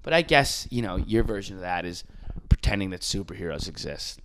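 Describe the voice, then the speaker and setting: A man's voice: low-pitched, very animated, a little fast, background noise. A man chatting on a casual comedy podcast, swearing freely, laughing and mimicking people as he riffs. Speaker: podcast co-host.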